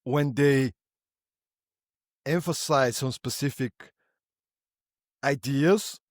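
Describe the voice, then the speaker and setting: A man hosting a podcast, asking thoughtful, drawn-out questions in a conversational way. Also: mid-range voice, no room sound, studio quality. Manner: thoughtful, sets up questions at length. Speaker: podcast host.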